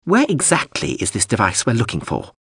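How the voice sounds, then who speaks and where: A male audiobook narrator voicing a touchy, sarcastic floating drone that whines and leaps up in pitch. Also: huge pitch swings, a little fast, a bit bright, husky, no echo, clean studio sound, heavily acted. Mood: peevish sarcastic. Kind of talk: audiobook character voice.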